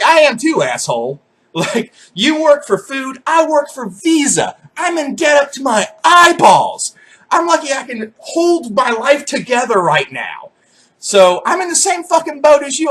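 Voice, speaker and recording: Husky young man ranting with lively swings. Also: sits high. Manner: swearing, animated, self-mocking. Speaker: vlogger. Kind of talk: profane comedic rant to camera.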